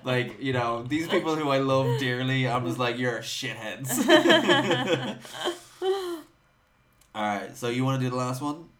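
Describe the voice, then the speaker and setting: A man's voice: medium pitch, very animated, measured pace, pauses often, a bit bright, echoey room. A young man co-hosting a casual comedy chat, rambling and self-mocking with frequent laughter. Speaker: podcast co-host.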